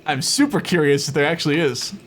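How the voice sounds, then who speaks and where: A man's voice: a little high, fairly quick, a bit bright, slight background noise. A man doing casual let's-play commentary, amused, reading game text aloud as he plays. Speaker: gameplay streamer.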